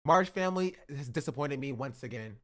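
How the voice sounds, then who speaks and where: A man's voice: mid-range voice, lively intonation, a little fast, fairly bright tone. A young man streaming live, reacting to videos with joking, mock-outraged rants. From United States.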